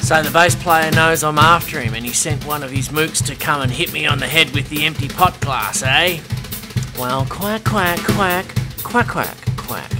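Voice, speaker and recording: A man's voice: on the high side, moderate pace, few pauses. An Australian man narrating a comic detective story in a joking, laid-back way with little chuckles. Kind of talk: comic spoken narration over drum music. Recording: loud drum and music bed behind.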